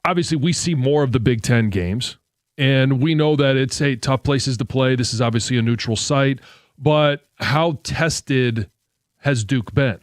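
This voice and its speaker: A man's voice: mid-range voice, a little slow, no room sound, clean studio sound. A man co-hosting sports talk radio, musing aloud and hesitant, with many fillers.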